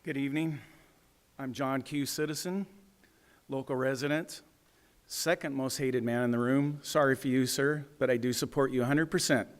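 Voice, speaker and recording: A man's voice: medium pitch, fairly even intonation, moderate pace. A man giving an angry, combative public comment at a city council meeting, speaking at a podium microphone.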